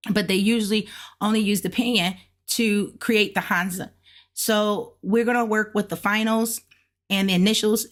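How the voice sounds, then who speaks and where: A woman casually walking viewers through practice, speaking patiently and drawing out sounds as she models them. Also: medium pitch. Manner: slow, patient, drawn-out syllables when modeling sounds. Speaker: language learner teaching along. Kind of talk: casual lesson narration.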